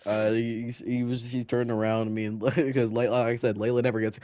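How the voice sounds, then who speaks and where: Speaking briskly in a level tone, this teenage male co-host shares school stories on a podcast, laughing and rambling with many fillers and false starts. His voice is medium in pitch and slightly mellow, captured in a dry, studio-quality recording.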